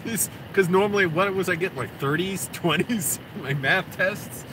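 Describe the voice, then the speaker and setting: A man vlogging into his phone in a parked car, rambling and venting with plenty of swearing. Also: sits high. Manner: profane, rambling, quick to vent. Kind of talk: rambling casual monologue. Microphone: phone camera. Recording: noisy air conditioning hum.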